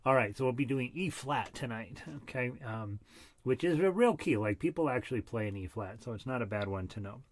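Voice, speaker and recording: A man's voice: medium pitch, brisk, hardly any pauses, dry recording. A middle-aged man leading a casual harmonica group lesson, chatty and self-deprecating, short of breath. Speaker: harmonica ensemble leader.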